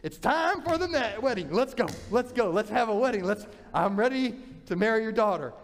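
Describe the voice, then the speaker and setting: An eager, earnest young man, as a male preacher voices him, plain-spoken with a high-pitched voice for a man. A long hall reverb trails each line. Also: sing-song, normal speed.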